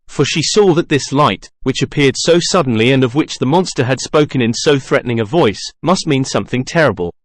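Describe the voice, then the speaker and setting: A man narrating a classic novel aloud in a dramatic, expressive style. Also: medium pitch, fairly quick, few pauses, no echo, clean studio sound. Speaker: audiobook reader.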